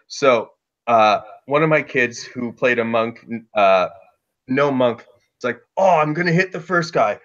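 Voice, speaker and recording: A man telling a casual story about running a tabletop game, loose and lively, with lots of "like" fillers. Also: medium pitch, dull audio. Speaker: dungeon master guest.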